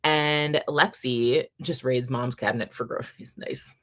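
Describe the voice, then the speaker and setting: A woman's voice: very deep voice, fairly even intonation, a little slow, fairly bright tone. A young woman hosting a casual book livestream, reading out chat messages and gushing with frequent laughs and ums. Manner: chatty, gushing, laughs often, many ums.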